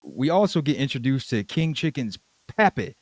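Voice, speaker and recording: A man's voice: mid-range voice, very animated, moderate pace, no room sound. A man co-hosting a podcast who recaps a cartoon episode in a laid-back way, with dry jokes about the plot. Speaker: podcast co-host.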